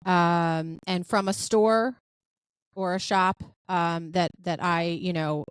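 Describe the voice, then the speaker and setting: A woman's voice: on the low side, slow pace, smooth, no echo. A woman hosting a podcast in casual chat, talking in a chatty, effusive way with plenty of filler words. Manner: lively storyteller who acts out quoted dialogue. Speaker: podcast host.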